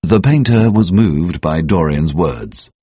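A man narrates an audiobook in a measured, even storytelling style. His voice is low with a breathy edge, and there's no room sound.

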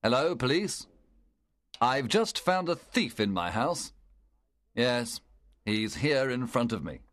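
A man's voice: mid-range voice, big pitch swings, slow pace, fairly bright tone, no echo, studio quality. A man reading a story, voicing an angry homeowner who scolds and speaks firmly. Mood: stern. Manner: scolding, firm.

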